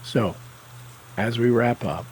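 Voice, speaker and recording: A man leading a guided tapping session, calling out tapping points and repeating affirmations with slow, deliberate coaching cues. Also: mid-range voice, darkish tone, slight background noise, low-quality recording.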